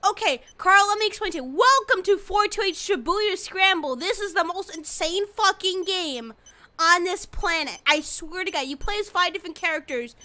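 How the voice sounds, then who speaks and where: A woman streaming a game and giving excitable casual commentary, swearing freely and bursting into shrieks. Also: very high-pitched, normal speed. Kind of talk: casual let's-play commentary.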